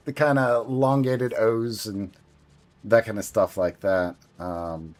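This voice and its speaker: A man's voice: medium pitch, takes it slowly, darkish tone. A man streaming a game, chatting casually in a rambling way, with lots of fillers and some swearing.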